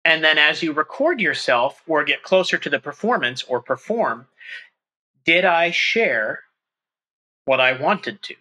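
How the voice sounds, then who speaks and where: Bright, animated man explaining music. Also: fairly high pitch, measured pace, low-quality recording. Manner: animated, thinks aloud with restarts and quoted asides. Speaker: trumpet professor and guest. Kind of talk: conversational interview.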